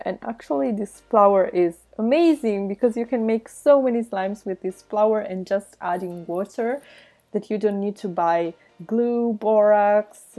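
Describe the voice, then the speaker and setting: A woman's voice: mid-range voice, dark tone. A woman from Italy with an Italian accent, chatting through a casual craft tutorial and explaining each step with frequent giggles. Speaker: slime-making vlogger.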